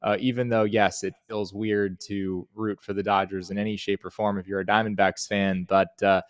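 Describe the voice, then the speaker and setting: A man appearing as a guest on a sports podcast, talking through the analysis in a measured way with lots of filler "uh"s. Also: on the low side, level tone, no echo.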